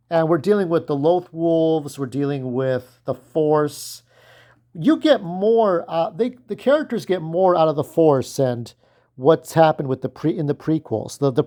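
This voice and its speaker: A man giving casual, rambling fan commentary, often losing track of names and filling pauses with "uh". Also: a little high, warm tone. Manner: rambling, loses track of names, many fillers.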